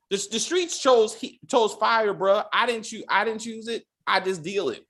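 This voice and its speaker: A man hosting a casual, profane TV review chat, animated and full of hesitations, mocking characters in squeaky voices. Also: moderate pace, few pauses. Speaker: podcast host.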